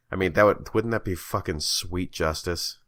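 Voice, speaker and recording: A man co-hosting a podcast, chatting casually and telling a story with animated energy, swearing and laughing along the way. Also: sits low, no echo, studio quality. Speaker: podcast co-host. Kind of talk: casual chat.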